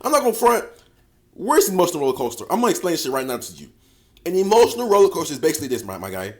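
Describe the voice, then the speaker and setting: A man's voice: on the high side, very animated, rapid-fire, a little mellow. A man giving dating advice as a coach in a casual, slangy, profane monologue, often repeating phrases and calling the listener bro. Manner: slangy, profane, emphatic street talk.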